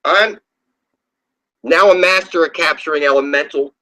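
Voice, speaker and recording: A man's voice: on the high side, moderate pace, pushed and bright, poor audio. A man at home delivering a rambling, profane spiritual rant, scornful and preachy, often trailing off and restarting his sentences. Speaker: online video ranter.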